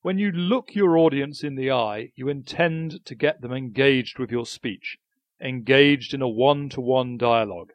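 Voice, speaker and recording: A man presenting a spoken newsletter in scripted narration, measured and deliberate with emphatic pauses. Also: mid-range voice, dry recording.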